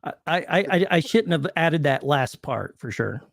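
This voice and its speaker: A man telling stories in a casual stream chat, his fairly high voice swinging widely in pitch. He keeps it animated and loose, and the sound is dry and close. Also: a little slow, vocal fry, dry recording. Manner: storytelling, laughs between lines. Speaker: co-host.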